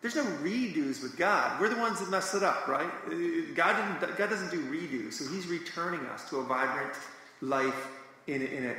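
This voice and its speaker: A man's voice: a little high, pushed and bright. A man on a live panel discussion who is also a musician, speaking earnestly and enthusiastically, with emphatic asides. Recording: echoey live hall with faint noise.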